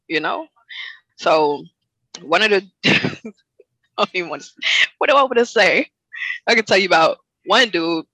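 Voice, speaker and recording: Woman guest, laughs constantly, bright forceful tone, dry close sound. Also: lowish voice, measured pace, long pauses, dry recording, rough recording. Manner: laughs often, animated, colloquial. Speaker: guest, fitness coach. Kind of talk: casual chat.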